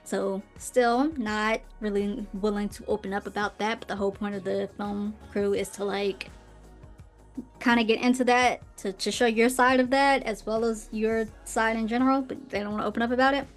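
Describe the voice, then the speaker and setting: A woman hosting a podcast, casually recapping a film plot in a chatty way with quick asides. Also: mid-range voice, fairly even intonation. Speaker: podcast host. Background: faint intro music.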